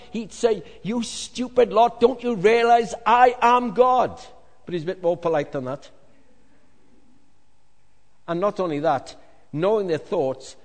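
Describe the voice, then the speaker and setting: A male pastor preaching a lively sermon to a congregation, with jokey asides, swinging from loud to hushed. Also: high-pitched. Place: large hall with congregation. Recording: long reverb of a large hall.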